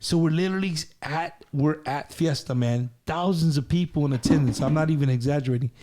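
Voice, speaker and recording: Hosting a group talk show, a man from Texas tells a long, loud, profane story that rambles and circles back on itself repeatedly. His voice sits on the high side, with a dark tone and a fairly quick pace.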